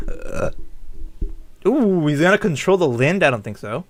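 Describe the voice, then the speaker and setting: A man's voice: a little high, sing-song, measured pace, long pauses. A man streaming as a VTuber, giving casual gameplay commentary with a jokey manner and frequent laughter.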